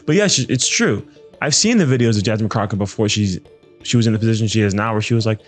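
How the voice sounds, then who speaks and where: Fast-talking man in casual commentary. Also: lowish voice, soft background music. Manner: quick, loose, conversational with many fillers. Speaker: commentator reacting to clips.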